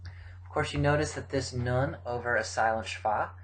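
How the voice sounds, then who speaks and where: A middle-aged man giving a recorded grammar lecture, explaining forms in a measured way with frequent fillers. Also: mid-range voice, fairly even intonation, fairly bright tone, slight background noise, poor audio. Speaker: Biblical Hebrew teacher.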